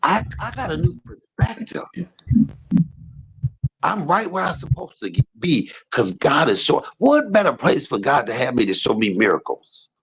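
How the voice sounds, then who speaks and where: Man in pain, husky and gravelly, emphatic casual preacher, AAVE, talking from a hospice room. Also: on the high side, very animated, moderate pace, fairly bright tone.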